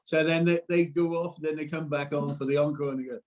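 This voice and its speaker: A middle-aged man, telling a lively story as a guest and acting out what people said. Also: a little high, fast. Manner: animated, acts out quotes loudly. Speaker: musician guest, husband. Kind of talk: casual storytelling.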